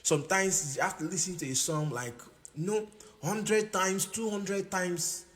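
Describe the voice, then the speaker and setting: A man with a high-sitting, fairly bright voice teaches music production at a measured pace in a casual tutorial, playing a keyboard as he goes. He often repeats himself and checks that the listener is following. Keyboard music plays behind him in a room with long reverb.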